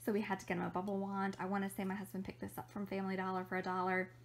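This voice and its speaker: A woman's voice: mid-range voice, monotone, rapid-fire. A young woman vlogger chatting casually and upbeat as she shows items to camera, with frequent ums. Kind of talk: casual show-and-tell vlog.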